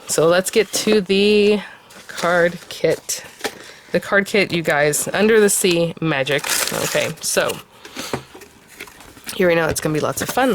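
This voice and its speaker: A woman's voice: lowish voice, a little hiss or hum. Gushing, chatty craft-channel woman. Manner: chatty and gushing, many fillers. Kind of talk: casual unboxing review.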